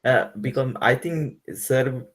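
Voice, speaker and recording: A man's voice: mid-range voice, slow, fairly bright tone. A man in an online class, helpfully explaining things to a classmate. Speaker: student. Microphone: video call.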